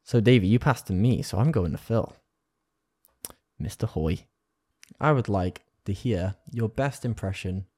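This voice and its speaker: A man with a low, dark, mellow voice chats loosely on a gaming podcast. His talk is relaxed and rambling, and the sound is dry and close. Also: measured pace, pauses often, breathy edge, no echo. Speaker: podcast co-host. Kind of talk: casual gaming podcast chat.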